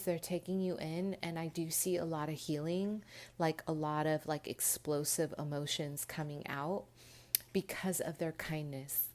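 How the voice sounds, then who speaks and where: A woman giving a pick-a-card tarot reading, earnest and emotional, talking straight to her viewers with many pauses and restarts. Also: low-pitched, darkish tone. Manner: earnest, emotional, addresses viewers as "you guys"; frequent restarts and fillers, pauses mid-thought. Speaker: tarot reader.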